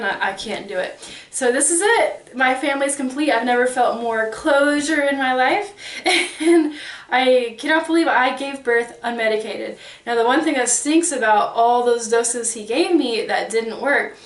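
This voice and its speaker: A woman in her thirties telling a personal story in a casual, animated way, acting out quoted exchanges. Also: on the high side. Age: 30s. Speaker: vlogger. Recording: roomy, mic at a distance.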